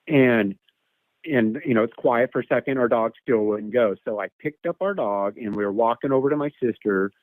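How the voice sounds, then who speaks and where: A man's voice: mid-range voice, normal speed, no echo. Man, casual rambling storyteller, repeats himself, tinny phone line, dry sound. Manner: rambling, repeats words, imitates animal calls. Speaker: guest telling an encounter story. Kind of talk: casual storytelling over a call.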